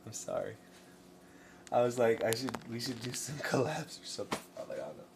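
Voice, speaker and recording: A man's voice: mid-range voice, sing-song, brisk, vocal fry, recorded from a distance. A man chatting casually on a live stream while he paints, rambling, joking and talking both to his chat and to himself. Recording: voice from off the mic, faint room noise.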